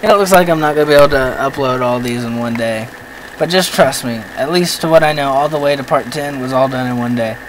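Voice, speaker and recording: A man hosting a let's-play, giving excitable commentary, often yelping at the game, with self-mocking rambling asides. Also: mid-range voice, fairly quick, slight background noise, low-quality recording. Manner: excitable, yelps and shouts at the game. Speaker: gaming channel host.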